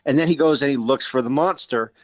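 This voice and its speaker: A man's voice: mid-range voice, fast, no echo. A man co-hosting a podcast in casual chat, rambling with many fillers and searching for words. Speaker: podcast co-host.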